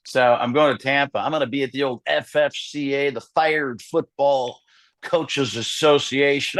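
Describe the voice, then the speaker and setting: Animated comedian man in a dry room. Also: medium pitch, unhurried, dry recording. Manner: animated, jumps in and out of voices. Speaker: comedian guest. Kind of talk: lively interview chat.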